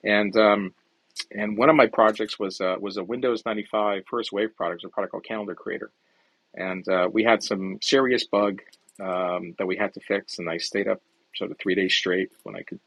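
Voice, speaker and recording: A man's voice: on the low side, steady tone, moderate pace, fairly bright tone, no room sound, poor audio. A middle-aged man, a startup founder, telling career stories in a casual, rambling way with many fillers and restarts. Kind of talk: casual storytelling in an audio chat room.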